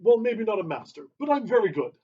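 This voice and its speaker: Man, high voice, mock-grand craft showman, dull lo-fi audio. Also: sing-song, quick pace, breathy edge. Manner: grandiose then self-deprecating. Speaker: leatherworking demonstrator. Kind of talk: self-mocking show introduction.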